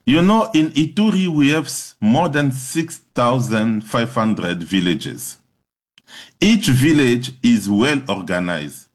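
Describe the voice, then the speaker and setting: Man, earnest and emphatic, interview answers, mid-pitched voice. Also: big pitch swings, slow pace. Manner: earnest, emphatic, repeating phrases in lists. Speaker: public health agency head.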